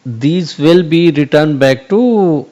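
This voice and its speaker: A man's voice: a little high, lively intonation, takes it slowly, dark tone. Hesitant man explaining at a whiteboard. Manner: hesitant, many fillers and restarts, repeats "okay". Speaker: channel host explaining AI concepts. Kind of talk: whiteboard tutorial, unscripted.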